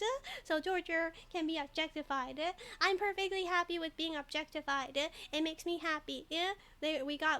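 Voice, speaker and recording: A woman's voice: very high voice, pushed and bright. A woman streaming a game who jokes, giggles often and reads chat in casual commentary. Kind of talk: casual let's-play commentary.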